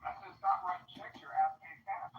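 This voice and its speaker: A man's voice: fairly quick, distant mic, muffled recording. A man arguing on a livestream in a dismissive, argumentative way. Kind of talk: casual argument. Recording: echoey, off-mic, faint noise.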